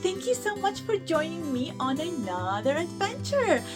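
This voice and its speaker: A young woman hosting a toddler lesson, talking slowly in an exaggerated, sing-song, encouraging way. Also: very high-pitched, very animated, music in the background. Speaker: children's show host. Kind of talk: teaching toddlers through play.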